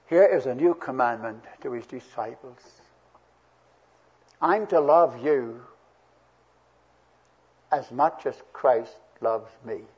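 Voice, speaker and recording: A man's voice: mid-range voice, slow pace, long pauses, a little mellow, breathy edge. A man preaching a sermon verse by verse, earnest and swelling with emphasis on key words. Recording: dull lo-fi old recording.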